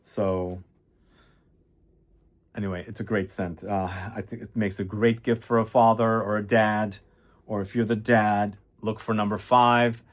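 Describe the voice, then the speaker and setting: A man's voice: lowish voice, level tone, unhurried. A man casually reviewing fragrances, chatty and enthusiastic, rambling with fillers and restarts.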